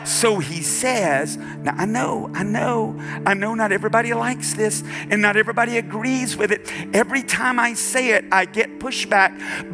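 A male pastor preaching a sermon in a church, building from quiet emphasis to shouted, half-sung refrains. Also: sits high. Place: church sanctuary with keyboard accompaniment. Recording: live church service with music behind. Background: keyboard music.

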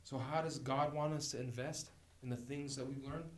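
A man's voice: medium pitch, steady tone, normal speed, slight background noise. A man preaching a sermon as a guest speaker, talking in a conversational, joking way and laughing often. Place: church sanctuary. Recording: echoey church room.

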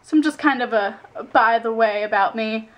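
A woman's voice: on the high side, moderate pace. A young woman chatting casually in a home vlog, rambling from topic to topic and drifting in and out of put-on accents. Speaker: vlogger. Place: at home indoors.

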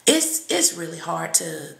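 A woman reading and chatting on a live stream, blunt and profane, with sudden shouts and laughs. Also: sits low, sing-song, unhurried, vocal fry, roomy sound, slight background noise. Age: adult with children. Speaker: psychic reader on a live stream. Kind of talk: casual live-stream talk.

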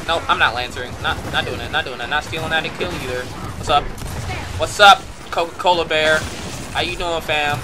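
A high-voiced man talks over his own gameplay, his pitch jumping all over as he curses and yells in bursts. Clear game noise runs under his voice the whole time. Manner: excitable and profane, bursting into shouts. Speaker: gameplay commentator. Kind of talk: live gameplay commentary.

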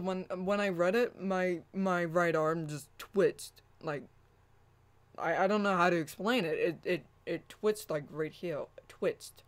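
A woman hosting her own channel, chatting casually, laughing often and restarting her sentences. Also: lowish voice. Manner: laughing, rambling, with repeated restarts. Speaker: channel host. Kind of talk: casual vlog chat.

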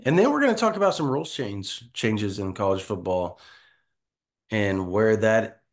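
A man's voice: lowish voice, expressive, normal speed. A man hosting a sports podcast in an upbeat, chatty way. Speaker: podcast host. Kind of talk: casual sports podcast chat.

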